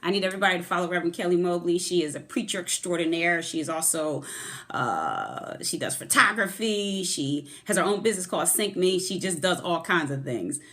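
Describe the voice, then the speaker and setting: A woman's voice: on the low side, expressive, fairly quick. Effusive woman hosting a livestream. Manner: warm, effusive greetings to viewers by name. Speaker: host of a motivational livestream. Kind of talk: live-streamed motivational talk, greeting viewers. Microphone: phone camera.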